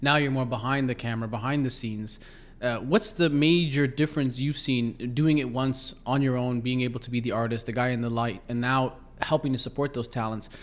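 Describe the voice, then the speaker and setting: A man's voice: mid-range voice, a little fast, few pauses. Man in his thirties hosting a podcast. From Canada. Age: 30s. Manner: relaxed, asks long rambling questions. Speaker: podcast host. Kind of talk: casual interview talk.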